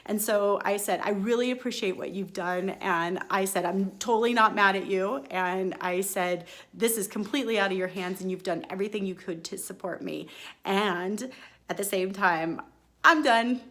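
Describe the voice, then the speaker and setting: Female host, relaxed storytelling monologue, lively and expressive delivery. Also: mid-range voice, moderate pace. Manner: chatty and expressive, acts out her own quoted lines. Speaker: podcast host.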